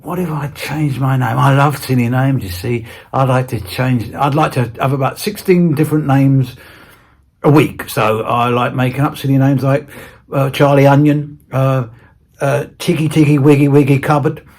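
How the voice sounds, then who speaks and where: A man's voice: medium pitch, steady tone, moderate pace, a little mellow. A British man as an interview guest, chatting casually in a playful, rambling way with stammered restarts. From Britain. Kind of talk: casual chat.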